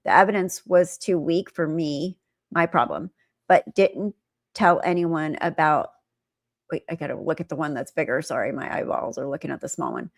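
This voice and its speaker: A woman's voice: sits low, normal speed, creaky, dry recording, studio quality. A middle-aged woman hosting a live stream, chatting casually with her viewers and telling stories animatedly. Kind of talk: casual live commentary reading chat.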